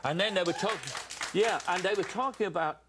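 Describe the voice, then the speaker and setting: A man's voice: sits high, fast, crowd noise, background noise. A man in his seventies with a Cockney accent, a talk show guest telling anecdotes with quoted dialogue. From England. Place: TV studio with audience.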